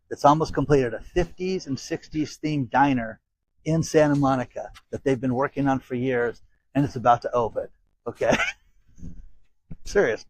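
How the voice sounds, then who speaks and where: A man's voice: medium pitch, normal speed, darkish tone, dry recording, low-quality recording. A man hosting a casual commentary vlog, talking straight to his viewers in a chatty way and laughing often. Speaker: host.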